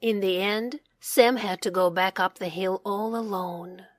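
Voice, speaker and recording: A woman narrating a children's storybook in a slow, expressive read-aloud manner. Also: mid-range voice, dry recording, studio quality.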